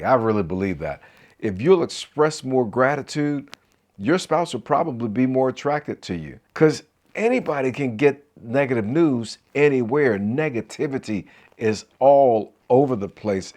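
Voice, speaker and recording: A man's voice: medium pitch, darkish tone. A middle-aged man speaks as a marriage coach in an encouraging talk to camera. His voice sits in a medium register, and he slips into preacher-like asides that call on the listener to answer back.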